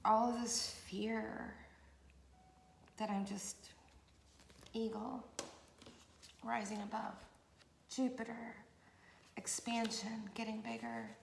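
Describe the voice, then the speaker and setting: Rambling woman tarot reader, gravelly. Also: fairly high pitch, flat delivery, slow, long pauses, reverberant, slight background noise. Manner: emotional, meandering, talks to viewers. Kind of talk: rambling late-night tarot talk. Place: room at night.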